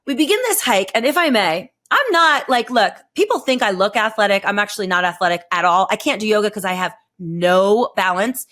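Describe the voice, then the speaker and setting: A woman's voice: mid-range voice, brisk, hardly any pauses. A woman in her thirties telling a long story on a podcast, chatty and profane, acting out what people said. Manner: animated, profane, acts out quotes in raised voice. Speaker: podcast host. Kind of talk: storytelling casual chat.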